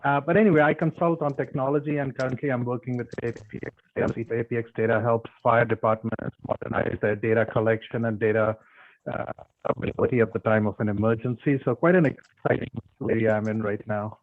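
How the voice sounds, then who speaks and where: A man's voice: mid-range voice, fairly even intonation, fast talker. Man on a tinny phone-like line. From Canada. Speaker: technology consultant. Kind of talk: self-introduction on a video call.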